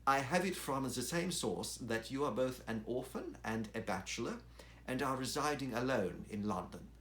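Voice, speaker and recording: A man reading the part of a secretive, suspicious, gaunt colonel, his voice dropping low and slow on hushed matters. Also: lively intonation. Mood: guarded.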